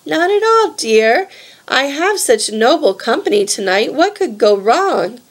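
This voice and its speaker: A woman's voice: high-pitched, big pitch swings, unhurried, voice pushed up, full character voice. A woman voicing a genteel old female monster disguised as a kindly grandmother, speaking in a sweet, fussy way with lots of "dear.".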